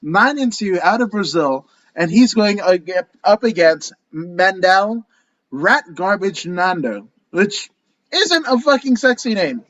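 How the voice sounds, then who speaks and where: A man's voice: high voice, lively intonation, measured pace, a bit bright, muffled recording. A man co-hosting a casual fight preview chat, rambling and joking with plenty of swearing. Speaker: co-host.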